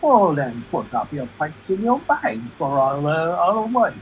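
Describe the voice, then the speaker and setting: A man's voice: a little high, sing-song, unhurried, faint music behind. A man doing a put-on British clown. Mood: cheeky. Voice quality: playful, punning. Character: joking male clown, cheeky. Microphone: video call. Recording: dull lo-fi video call audio.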